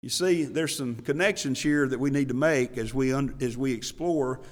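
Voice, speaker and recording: A man's voice: mid-range voice, moderate pace. Preaching man in a reverberant church. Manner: emphatic preaching with repeated questions and chuckles. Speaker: pastor. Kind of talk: sermon. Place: church pulpit.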